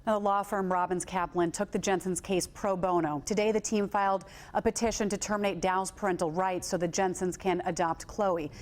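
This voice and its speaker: A woman reporter delivering a news update in a clear, matter-of-fact way. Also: fairly low pitch, fairly even intonation, a little fast, hardly any pauses.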